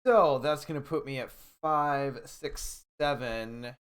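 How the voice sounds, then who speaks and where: A man's voice: medium pitch, slow, a bit bright, clear, resonant tone. Wry, foul-mouthed man playing a card game. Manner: wry, profane humor, dramatic card reading. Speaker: podcast co-host and player. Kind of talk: casual board game play with joking commentary.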